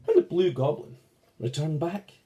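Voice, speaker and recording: Brief: male storyteller for kids, mellow dark tone, very lively pitch, unhurried read-aloud. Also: lo-fi sound. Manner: slow, expressive read-aloud with sweeping pitch. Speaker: children's storyteller. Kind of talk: storybook narration for children.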